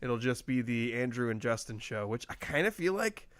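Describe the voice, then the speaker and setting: A man's voice: mid-range voice, lively intonation, moderate pace, fairly bright tone, no room sound. A man hosting a casual sports podcast, joking and rambling, with frequent laughs. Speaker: podcast host.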